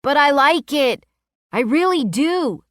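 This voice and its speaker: Woman putting on a whiny little boy, loud and snappish, sulky, dry audiobook sound. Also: high voice, animated, takes it slowly, no echo, pitched above the performer's own voice. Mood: pleading. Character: sulky, petulant young boy.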